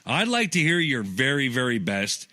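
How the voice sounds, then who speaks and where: A man's voice: mid-range voice, very animated, normal speed, bright, forceful tone, no room sound. Teasing male radio host, dry close mic. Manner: teasing, pushy interviewer. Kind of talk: comedic radio interview.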